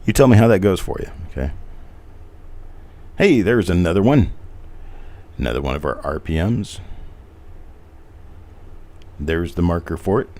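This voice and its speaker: A middle-aged man with a very low voice hosts a live stream, chatting casually and reading out viewer comments. His speech swings up and down with lively intonation, and he keeps clearing a frog from his throat. He hammers points home by repeating them. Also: unhurried, pauses often. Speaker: host of a live coin roll reveal stream.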